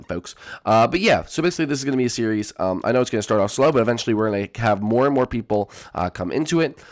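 A young man giving casual, excitable let's-play commentary to his viewers, jumping between gasps and chatter. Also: on the low side. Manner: excitable, jumpy, talks to viewers as folks. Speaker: gaming YouTuber.

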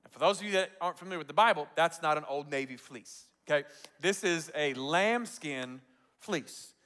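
A man preaching a sermon as pastor, telling the story in an animated, jokey way and calling out to the crowd. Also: on the high side, moderate pace.

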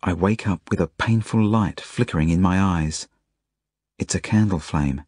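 Low, husky male audiobook reader. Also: darkish tone, no room sound, studio quality. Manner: plain, measured storytelling in a child's first-person voice. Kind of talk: first-person audiobook narration.

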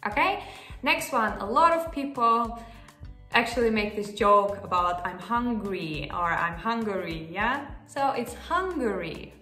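A woman with a bright, high, animated voice hosts a casual language lesson. She speaks slowly and keeps asking the viewer "yeah?". Her voice echoes around the room over soft background music. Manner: chatty, often checks in with the viewer using "yeah?". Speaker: language teacher and channel host.

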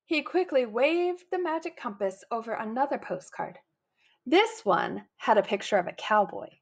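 Animated woman reading a picture book aloud. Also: a little high, moderate pace. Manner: animated, putting on lively character voices for quotes. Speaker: storybook reader.

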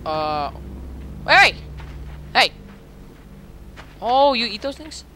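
A man playing through a game on a headset mic, his voice bright and jumping all over the place. He talks slowly between outbursts, then swears and shrieks at every scare. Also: very high voice, a little hiss or hum. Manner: excitable, swearing, sudden yelps and shrieks. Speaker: let's play gamer. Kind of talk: gaming commentary. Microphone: gaming headset.

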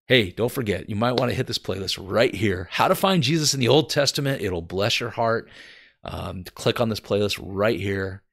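A man's voice: fairly low pitch, lively intonation, moderate pace, gravelly, fairly bright tone. An American man teaching from the Bible in an earnest, emphatic way, speaking straight to his viewers. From United States.

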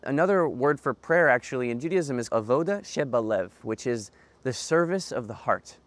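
A young man talking earnestly to camera in a reflective vlog monologue, often repeating phrases for emphasis. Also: mid-range voice. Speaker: self-help vlogger.

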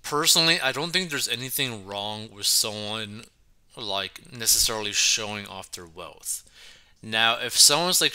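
Bright-voiced man giving chatty commentary. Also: lowish voice, clean tone. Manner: chatty, keeps saying right and like. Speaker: commentary channel host. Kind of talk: casual commentary reading news.

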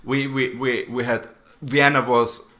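A man's voice: mid-range voice, little pitch movement, slow, bright, forceful tone. A man from Austria with an Austrian German accent, hosting a casual podcast chat, talking loosely with frequent laughs and restarts. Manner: chatty, laughs often, many restarts. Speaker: podcast host.

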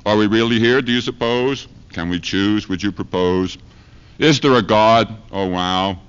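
A man's voice: sits low, measured pace, a bit bright, smooth. A man doing a rambling, profane stand-up monologue with rhyming chants, recorded live at a university. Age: 1970s live archive recording. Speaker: street preacher comedian. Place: university lecture hall audience. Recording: dull lo-fi 1970s live recording.

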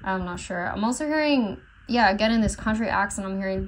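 A woman's voice: fairly high pitch, lively intonation, a little fast, a little hiss or hum, low-quality recording. A woman tarot reader talking in a casual, rambling way, full of fillers and unsure asides as she channels messages. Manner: rambling, unsure, many fillers and self-corrections.

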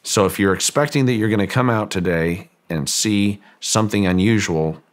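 Male guest, deep low register, long halting anecdote, voices others' lines with lifts. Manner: halting, with frequent restarts and fillers; acts out quoted lines with raised pitch. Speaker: guest, ranch owner. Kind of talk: storytelling in a long-form interview.

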